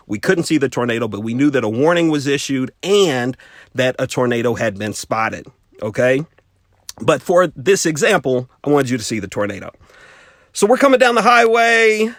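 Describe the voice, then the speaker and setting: A man hosting a children's lesson, telling a story in an animated way and checking in with "okay?". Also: medium pitch, dry recording, studio quality. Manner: animated, talks straight to children with frequent "okay?". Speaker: children's ministry host.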